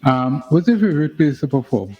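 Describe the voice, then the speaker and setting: A man's voice: a little high, very animated, fairly quick, dark tone. A man hosting a podcast, asking his guest short questions and giving brief affirming replies. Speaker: podcast host. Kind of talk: interview questions and backchannels. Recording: muffled podcast audio with faint music.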